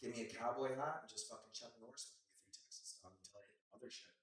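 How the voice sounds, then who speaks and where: A man doing a rambling open-mic stand-up set with slangy talk and sudden shouted bits, from a club stage. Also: mid-range voice, quick pace, heavy reverb, recorded from a distance, poor audio. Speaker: stand-up comedian.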